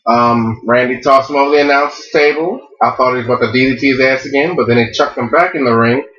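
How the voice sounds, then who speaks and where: A man's voice: medium pitch, quick pace, fairly bright tone, reverberant, highs cut off. A man co-hosting a casual wrestling review, blunt and profane. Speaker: wrestling show co-host.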